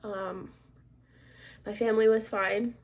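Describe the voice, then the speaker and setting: A woman in her thirties chatting casually as a vlogger, rambling with lots of fillers, clearing her throat often and dropping to soft asides. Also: mid-range voice, level tone, slow pace. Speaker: crafts vlogger and military instructor. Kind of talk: casual chat.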